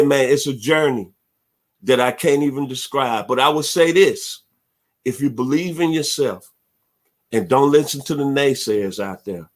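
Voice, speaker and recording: Man, sports radio host, heartfelt, shouts out his team, mid-pitched voice. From Memphis, Tennessee. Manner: heartfelt, preacher-like shout-outs. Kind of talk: casual sports radio talk.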